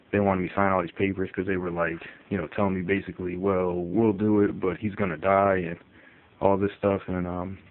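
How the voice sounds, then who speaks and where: A man from Connecticut rambling casually about his pet in a phone-recorded vlog, with many fillers. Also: low voice. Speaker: pet owner. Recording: tinny phone audio with faint ambience.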